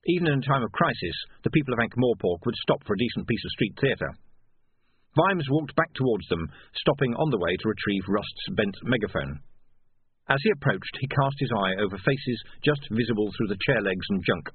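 A man reading a novel aloud as narrator, wry and measured, on a thin, phone-like recording. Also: lowish voice, breathy edge, no room sound. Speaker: audiobook narrator. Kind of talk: scripted narration. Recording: dry phone-like lo-fi sound.

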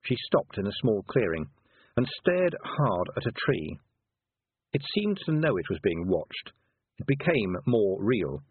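A man narrates a storybook with an expressive, lively lilt that rises and falls a great deal. His voice is husky and comes through a thin, phone-like band. The recording is bone dry, with no room sound. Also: lowish voice, a little slow, no room sound. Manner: expressive, varied delivery. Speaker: audiobook narrator.

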